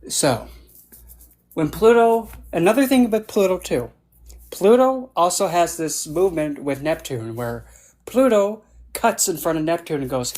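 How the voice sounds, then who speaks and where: A man's voice: fairly high pitch, expressive, measured pace, darkish tone. A man on a video call, a panelist telling playful, jokey stories and acting out the voices. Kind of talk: casual panel talk.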